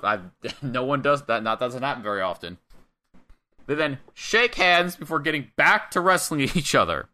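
A young man with a bright, forward voice walks through a wrestling match move by move in casual podcast chat. He rambles a little and slips into quick acted-out quotes, at an ordinary middle pitch. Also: lively intonation.

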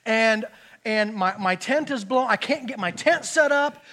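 A middle-aged man giving a personal testimony in church, telling his story in an animated way and often repeating words. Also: very high voice, unhurried.

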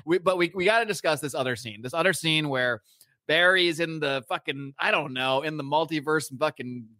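A man's voice: a little high, fairly quick, no echo, clean studio sound. A man co-hosting a podcast, ranting in casual chat with lots of swearing. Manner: animated, profane, ranting. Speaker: podcast co-host.

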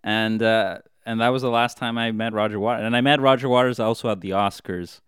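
A man with a low, smooth voice spins a long, meandering comic tale. He restarts and corrects himself as he goes. The sound is close and dry. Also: fairly even intonation, a little fast, a bit bright, no echo. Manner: rambling, self-correcting storyteller. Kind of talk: casual rambling anecdote.

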